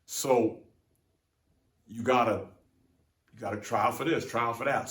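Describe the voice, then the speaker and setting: A young man hosting his own show, telling a story in casual, profane slang and acting out both sides of the exchange. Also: medium pitch. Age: young adult. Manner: profane, slangy, animated retelling with quoted exchanges. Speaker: podcast host. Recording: echoey room.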